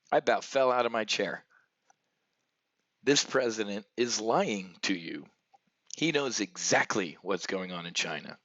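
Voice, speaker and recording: A man's voice: mid-range voice, normal speed, a bit bright, no echo, lo-fi sound. A man hosting a market briefing, talking brashly and sarcastically to his viewers, calling them folks. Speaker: market commentary host.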